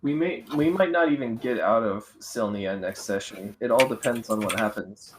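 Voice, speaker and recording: A man's voice: lowish voice, moderate pace. A man playing a tabletop game, making brief, matter-of-fact remarks out of character, recorded on a noisy home mic with keyboard typing. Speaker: player. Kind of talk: casual out-of-character chat.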